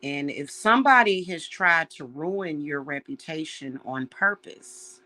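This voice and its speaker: A woman who calls herself a witch, talking warmly and emotionally to her viewers about spiritual protection, on the edge of tears. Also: deep voice, expressive, a little slow. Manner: heartfelt, emotional, addresses viewers as y'all. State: close to tears. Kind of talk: casual spiritual talk to viewers.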